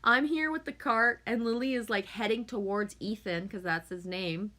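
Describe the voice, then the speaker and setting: A woman's voice: fairly high pitch, normal speed, pushed and bright. A middle-aged woman from Canada chatting casually with viewers, telling stories, swearing freely and laughing often. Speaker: livestream host.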